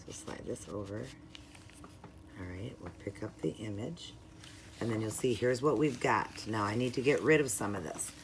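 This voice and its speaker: A woman's voice: a bass voice, moderate pace, noisy background. A woman hosting her own nail art video, walking through her supplies step by step in a chatty, upbeat way. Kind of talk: casual tutorial narration.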